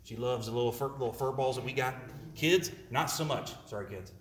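A man's voice: mid-range voice, a little fast. A man giving a talk with slides, asking his listeners questions, repeating his words and adding jokey asides. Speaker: speaker presenting to an audience. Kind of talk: interactive presentation with slides. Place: room with a live audience. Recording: roomy with faint noise.

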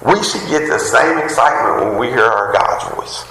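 A man's voice: mid-range voice, expressive, moderate pace, sharp tone. A man preaching a sermon in a folksy manner, regularly calling out for an amen from his congregation. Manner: folksy preaching with frequent call-outs for an amen. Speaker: pastor. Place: church. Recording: echoey hall with faint background noise.

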